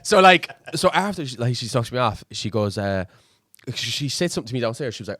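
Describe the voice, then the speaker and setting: A man's voice: mid-range voice, expressive, fast talker, a bit bright, dry recording, clean studio sound. A young man telling a crude anecdote as a podcast guest, swearing freely in casual chat.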